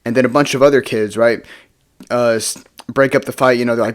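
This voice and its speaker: A young man telling a party story in a relaxed, rambling way, tacking "right?" onto his lines. His voice sits at an ordinary middle pitch. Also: a little fast. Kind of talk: casual storytime.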